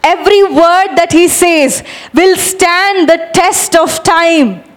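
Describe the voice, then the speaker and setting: High-voiced woman preaching energetically. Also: slow pace. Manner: energetic, urging the audience, animated demonstrations. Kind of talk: sermon.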